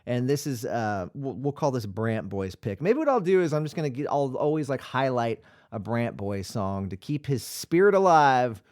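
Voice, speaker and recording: A man's voice: mid-range voice, expressive, moderate pace, hardly any pauses, a little mellow. A man hosting a home-made radio podcast, talking in a tired, rambling way with many ums and restarts. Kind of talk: casual rambling chat.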